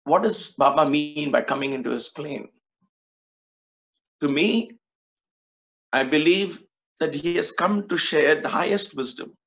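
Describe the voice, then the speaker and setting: A man's voice: fairly high pitch, a little slow, long pauses, a bit bright. A man telling a spiritual story in an earnest, musing way, repeating words for emphasis. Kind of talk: reflective storytelling talk. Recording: dull lo-fi recording.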